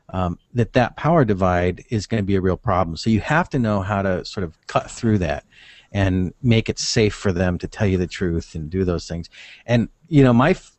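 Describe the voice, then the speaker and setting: A man's voice: on the low side, a little mellow, no echo. A man, a podcast guest, giving casual business advice in a rambling, think-aloud way with many restarts.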